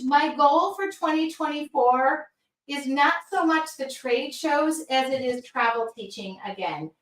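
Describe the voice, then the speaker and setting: A woman's voice: high voice, lively intonation, measured pace, recorded from a distance. Middle-aged woman art teacher, effusive livestream chat, echoey room, set back from the mic. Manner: effusive, reads viewer comments aloud. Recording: roomy sound from away from the mic.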